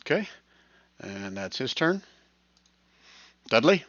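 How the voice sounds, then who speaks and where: Dungeon master, male, matter-of-fact narration, bright tone, dull online-call sound. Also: medium pitch, big pitch swings, slow pace, dry recording. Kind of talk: narrating a tabletop game. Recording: lo-fi voice chat audio.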